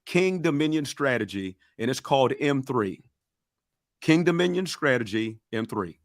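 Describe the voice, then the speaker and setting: Fired-up Southern preacher-style coach. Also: male voice, medium pitch, expressive, normal speed, dry recording, clean studio sound. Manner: fired-up, preacher-like, asks for call-and-response. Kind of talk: motivational teaching on a livestream.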